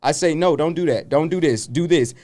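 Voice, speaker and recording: A man's voice: fairly high pitch, brisk, darkish tone. Earnest motivational man, business coach. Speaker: pastor. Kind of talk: casual interview.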